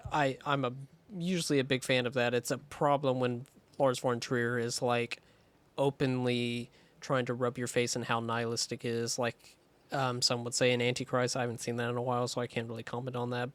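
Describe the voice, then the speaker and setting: A man's voice: medium pitch, a bit bright, clear, resonant tone, no echo. A man co-hosting a film podcast in a casual, rambling way, swearing freely and circling his points with plenty of ums. His voice sits in a middling register and comes across dry and close to the mic. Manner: loose, profane, rambling with many fillers. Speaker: podcast co-host.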